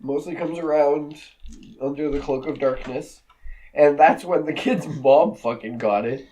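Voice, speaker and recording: High-voiced laid-back young man. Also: a little slow, warm tone, slight background noise, low-quality recording. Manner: laid-back, profane, laughs often. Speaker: podcast co-host. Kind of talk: casual movie review chat.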